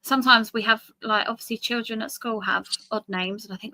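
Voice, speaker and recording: A woman's voice: fairly high pitch, fairly even intonation, fairly quick, pushed and bright, no room sound. A woman with an English accent, chatting and giggling as a guest on a casual livestream call. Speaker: guest artist. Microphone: video call.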